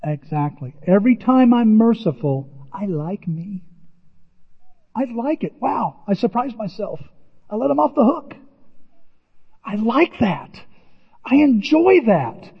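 A man preaching a sermon, emphatic and animated, often exclaiming and repeating words as he reads verses. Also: high-pitched, slow, gravelly, long pauses, husky. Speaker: pastor. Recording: reverberant hall, dull lo-fi sound.

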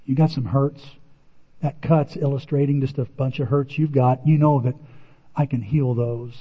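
A man voicing God, hushed and gentle. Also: medium pitch, fairly even intonation, natural voice. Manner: hushed, slow, reassuring. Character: calm gentle God speaking inwardly. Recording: dull, echoey large hall.

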